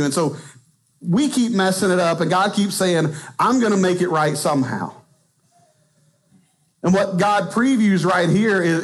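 A Texan pastor in his thirties delivers a sermon in a church sanctuary. His pitch sits in the middle of the range. He talks in an animated, conversational way and often laughs at himself.

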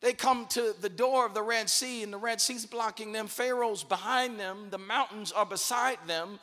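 High-pitched, ringing preacher in a hall. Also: male voice, moderate pace. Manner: emphatic, rising to shouted declarations. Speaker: bishop, guest preacher. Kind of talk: sermon. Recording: long reverb of a large hall.

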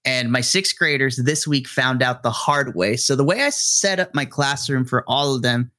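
A man's voice: medium pitch, normal speed, no echo, clean studio sound. Frustrated man telling a classroom story. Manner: animated storyteller, vents with blunt frustration. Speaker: middle school teacher and podcast co-host. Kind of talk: casual podcast chat.

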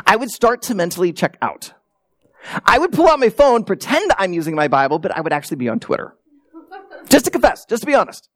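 Male pastor, conversational sermon, self-deprecating, lively pitch. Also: brisk, no room sound, clean studio sound. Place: church sanctuary.

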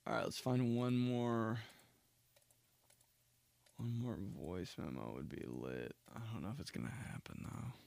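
A young man hosting a casual solo podcast, ranting profanely and acting out mocking quotes in shrill voices. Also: measured pace, gravelly, long pauses, a little mellow, no room sound. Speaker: podcast host.

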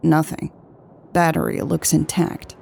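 A woman voicing a hot-tempered, protective young man who talks gruffly and threateningly in an audiobook. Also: sits low, measured pace, dark tone, a little hiss or hum, heavily acted.

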